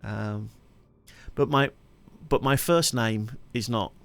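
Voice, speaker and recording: On his live stream, a streamer and musician rambles through casual chat and laughs often. His mid-range voice is a bit bright, and he speaks at a slow pace.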